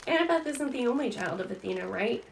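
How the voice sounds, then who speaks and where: Reassuring teen girl, read by a woman; light fry. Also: a little high, expressive, quick pace, slight background noise, voice pushed up.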